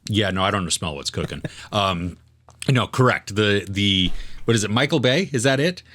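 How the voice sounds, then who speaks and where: A man's voice: fairly low pitch, lively intonation, fairly bright tone. Chatty laughing man, podcast guest. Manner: chatty, quick to laugh, fills with ums. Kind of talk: casual chat.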